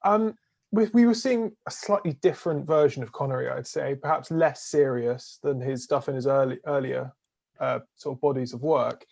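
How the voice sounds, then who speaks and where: A man's voice: medium pitch, normal speed, gravelly, darkish tone. A man hosting a podcast, asking long questions hesitantly with many fillers. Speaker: podcast host. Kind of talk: interview questions.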